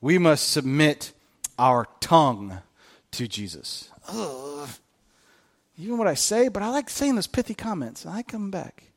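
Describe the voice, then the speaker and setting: A man in his thirties, a pastor preaching a sermon in an animated, joking, self-mocking way. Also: fairly high pitch, unhurried.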